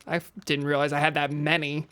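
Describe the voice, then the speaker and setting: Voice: mid-range voice, completely flat delivery, brisk, fairly bright tone, clear, resonant tone. A game streamer giving casual gameplay commentary, rambling, restarting sentences and chuckling often.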